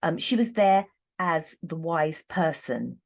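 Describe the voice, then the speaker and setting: A woman reading tarot cards in a casual, thoughtful monologue, pausing often and restarting her sentences. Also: low-pitched, animated, creaky. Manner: thoughtful, hesitant, many ums and restarts. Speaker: tarot reader.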